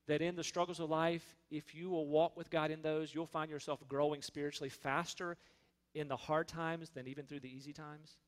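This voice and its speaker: A man's voice: fairly high pitch, little pitch movement, moderate pace, big-room sound. A man preaching a sermon in an earnest, conversational way, speaking his prayers aloud. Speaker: pastor.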